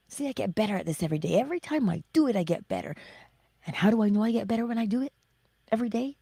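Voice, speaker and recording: A middle-aged woman hosting a motivational livestream, speaking slowly and emphatically and often dropping to a breathy whisper. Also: medium pitch, animated, warm tone, no echo. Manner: acts out her own self-talk in little voices. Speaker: livestream host.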